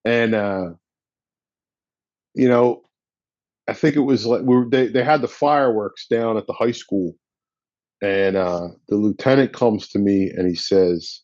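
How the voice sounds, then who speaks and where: A man's voice: on the low side, a little slow, long pauses, a little mellow, no echo, highs cut off. A man, a firefighter guest, telling a story in a blunt, casual way with slang and swearing. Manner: blunt and profane, drops in slang.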